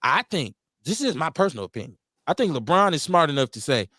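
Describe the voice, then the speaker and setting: A man with a Milwaukee accent hosting a casual radio talk show, animated and profane, often acting out quotes in mock voices. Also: on the high side, quick pace, dry recording, clean studio sound. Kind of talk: casual call-in radio chat.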